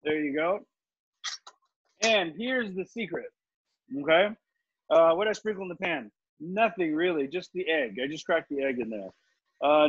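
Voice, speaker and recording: A man's voice: a little high, husky, no room sound. A man teaching a live online cooking class, chatty and confident, explaining each step as he cooks and answering questions. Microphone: video call. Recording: slightly dull video-call audio with faint noise.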